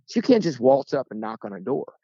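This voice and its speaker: A man, a guest turkey hunter, telling stories in a casual interview with lively, joking delivery. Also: mid-range voice, fast, dry recording, dull audio. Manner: lively, joking, acts out voices in anecdotes.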